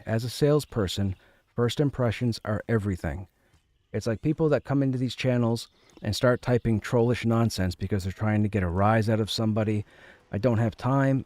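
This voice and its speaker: A man's voice: fairly low pitch, dark tone. A man streaming a game from home, chatting casually and rambling, often repeating his phrases. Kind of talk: casual chat.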